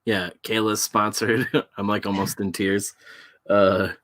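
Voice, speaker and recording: A man co-hosting a casual late-night chat, drunk and high, who keeps breaking into giggles while he talks. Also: level tone, measured pace, fairly bright tone, no room sound. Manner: giggly, laughing through his words. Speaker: podcast co-host.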